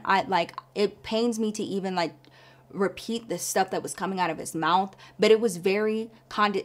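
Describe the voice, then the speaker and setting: A woman vlogger telling a story to her viewers in a casual, chatty way, calling them girl and y'all. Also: medium pitch.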